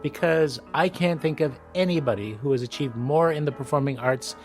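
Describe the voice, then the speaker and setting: A man's voice: medium pitch, moderate pace, soft background music. A man hosting an interview, giving an enthusiastic, admiring introduction and asking questions. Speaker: host.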